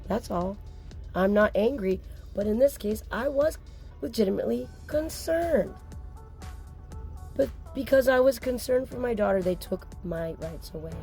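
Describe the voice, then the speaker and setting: A woman's voice: fairly high pitch, expressive, measured pace, darkish tone, faint music behind. A woman talking to camera as a mother speaking out, upset, insistent and blunt, with occasional swearing. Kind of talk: emotional personal vlog.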